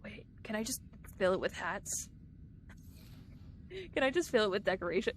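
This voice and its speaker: A woman's voice: mid-range voice, very animated, normal speed, slight background noise. A woman streamer chatting casually with her viewers while playing a game live, giggling often. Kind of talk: live-streamed gameplay chat.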